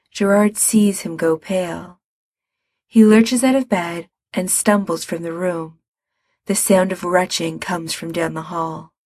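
Woman audiobook reader, measured, husky and gravelly. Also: on the low side, darkish tone, dry recording. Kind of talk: storybook narration.

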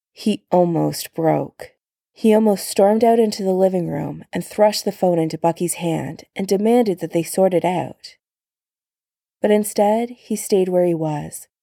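A woman narrating fan fiction aloud in a calm, even manner. Her voice is gravelly and mellow. The recording is dry and close. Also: lowish voice, dry recording. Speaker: story narrator.

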